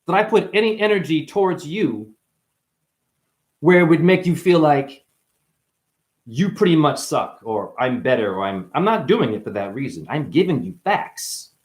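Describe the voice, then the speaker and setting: A man's voice: a little high, big pitch swings, normal speed. A man hosting a livestream, talking straight to his chat, passionate and defensive, swinging between agitation and making peace. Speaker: livestream host. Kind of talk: heated livestream chat reading comments.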